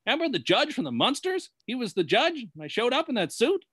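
A man's voice: very animated, a little fast, breathy edge, no echo, heavily acted. A man doing a brash New wise guy. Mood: cocky. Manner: higher, louder, brash delivery. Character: brash wisecracking New York tough guy, male.

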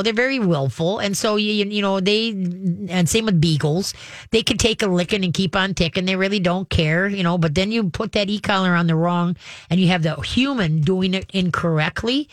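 A woman's voice: mid-range voice, no room sound, studio quality. A woman dog trainer, a guest giving casual advice in a folksy, rambling way. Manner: folksy and rambling, acts out dogs and owners.

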